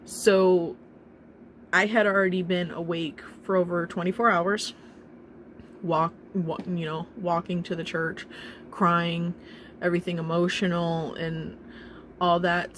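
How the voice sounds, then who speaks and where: A young woman telling a painful personal story in a halting, emotional way, with nervous laughs and restarts. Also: lowish voice, fairly even intonation, a little hiss or hum. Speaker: vlogger telling her own story.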